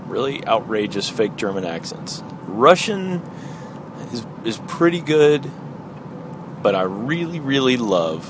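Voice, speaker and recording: Caller, male, polite and halting, phoned in from outside with clear car noise behind. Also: fairly low pitch. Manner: polite, hesitant, with fillers. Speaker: caller leaving a voice message.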